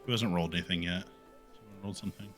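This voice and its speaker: A man narrating as game master in a tabletop game, halting with many fillers, his voice a bit sore. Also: deep voice, steady tone, fairly bright tone, soft background music.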